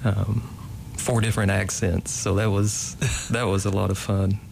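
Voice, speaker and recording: A man in his late twenties from Kentucky, talking casually as a playwright guest. His voice sits low, and he keeps pausing and restarting his sentences. Faint noise runs in the background. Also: level tone, gravelly, darkish tone. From Kentucky, USA. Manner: hesitant, many ums and restarts. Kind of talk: casual interview.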